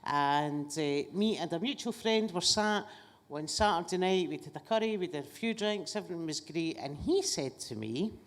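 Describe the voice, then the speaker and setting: A woman's voice: fairly low pitch, animated, normal speed. A woman, a guest comedian chatting casually and telling stories with plenty of swearing. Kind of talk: casual chat.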